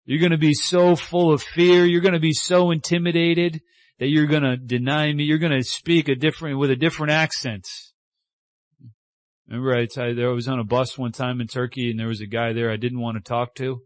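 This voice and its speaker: A male preacher telling a story in a sermon. He is animated and plays out the voices in his story, and he sinks to a hushed tone for the tender lines. The sound is dry and close, with no room echo. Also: medium pitch, brisk.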